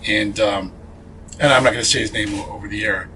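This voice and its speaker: A man's voice: on the low side, fairly even intonation, a little fast, sharp tone, a little hiss or hum, poor audio. A man being interviewed as a paranormal investigator, telling a ghost story earnestly, with many fillers and restarts.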